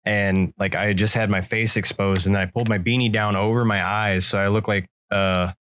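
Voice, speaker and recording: A podcast co-host tells a story casually and animatedly, acting out the voices in it. His voice is fairly low, smooth, and brisk.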